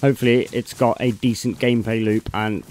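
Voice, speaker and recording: A man's voice: mid-range voice, fairly even intonation, a little fast, darkish tone. A man with a Bristolian accent chatting casually while playing a survival game on stream, calling people mate. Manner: laid-back, chatty, says mate a lot. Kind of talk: casual gaming chat.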